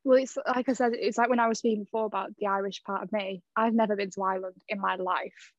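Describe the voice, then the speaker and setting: A young woman co-hosting a podcast, chatty and quick, laughing easily in casual talk. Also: mid-range voice, steady tone, dry recording, dull audio. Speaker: podcast co-host. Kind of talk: casual chat.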